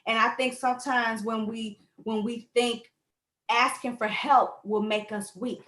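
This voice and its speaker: A woman's voice: fairly high pitch, steady tone, measured pace, a bit bright. Emphatic woman in an echoey room. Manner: emphatic, affirming. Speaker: co-host. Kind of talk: casual chat.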